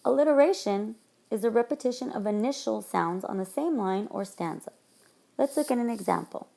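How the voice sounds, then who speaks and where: A woman teacher narrating a recorded lesson, explaining things clearly to her students. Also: mid-range voice, a little mellow. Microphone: tablet microphone.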